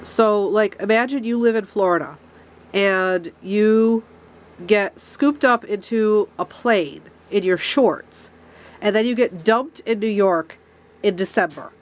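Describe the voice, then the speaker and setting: Stuffed-up lady venting mad at the camera, mid pitch, kinda sniffly. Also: slow. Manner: angry ranting, speaks of her own angry tone. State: stuffy-nosed from a cold. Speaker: rabbit keeper vlogger. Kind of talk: casual talk to camera. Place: rabbit barn with pets nearby.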